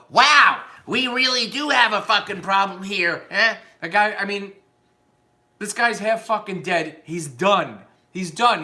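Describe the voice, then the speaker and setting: Profane high-voiced ranting man. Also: bright, forceful tone. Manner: profane, combative, rambling. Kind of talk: unscripted political rant.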